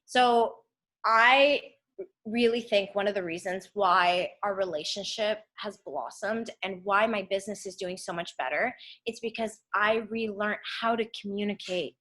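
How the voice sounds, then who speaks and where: Bright-voiced, animated young woman. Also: mid-range voice, measured pace. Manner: animated, swears often, acts out quotes. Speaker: guest speaker. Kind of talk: candid personal story.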